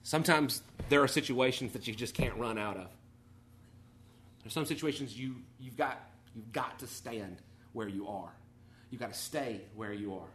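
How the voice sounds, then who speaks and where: A man preaching a conversational, animated sermon, his volume rising and falling. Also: mid-range voice, slight background noise. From Texas or Arkansas, USA. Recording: echoey room.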